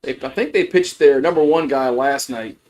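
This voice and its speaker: A man's voice: medium pitch, moderate pace, darkish tone. A man giving casual, rambling play-by-play of a college baseball game on a livestream, full of fillers and restarts. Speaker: fan play-by-play host.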